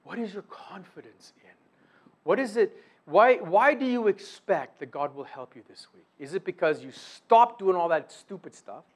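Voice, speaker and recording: A man preaching a sermon in a high, lively voice that climbs and falls across a wide range. He swings from loud, emphatic bursts to quiet drops and acts out imagined prayers and voices as he goes. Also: moderate pace. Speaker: pastor.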